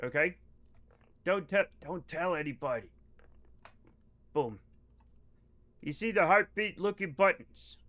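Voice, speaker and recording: A man's voice: on the high side, expressive, slow pace, long pauses, bright, forceful tone. A man streaming a game live, chatting casually with viewers in a rambling, profane, joking way. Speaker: livestream gamer. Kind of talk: casual live-stream chat while playing.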